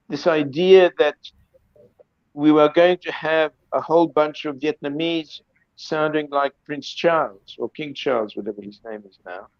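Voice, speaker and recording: On an academic video-call panel, a man with a fairly high voice speaks emphatically, often repeating words as he reworks a thought. The audio is dry, slightly dull, and lo-fi, with no echo.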